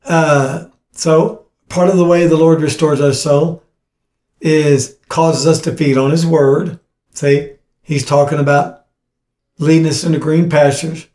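A man's voice: on the high side, fairly even intonation, unhurried, darkish tone. A man preaching a teaching sermon, reading scripture aloud and urging his listeners with earnest, repetitive exhortation. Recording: echoey room.

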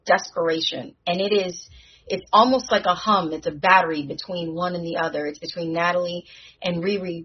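A woman hosting a casual podcast recap, talking in an animated, slangy way with frequent restarts. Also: on the low side, normal speed, slightly rough, dull audio. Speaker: podcast host recapping a TV episode.

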